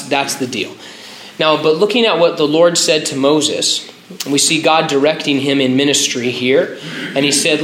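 A man's voice: mid-range voice, reverberant, a little hiss or hum, poor audio. A pastor preaching a conversational sermon, stopping to restart his phrases and using filler words.

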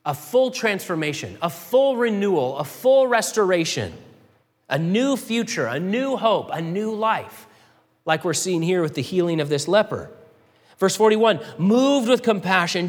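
A man preaching a sermon to a congregation, animated, swinging from loud declarations to hushed lines. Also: high-pitched. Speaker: pastor. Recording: long hall reverb.

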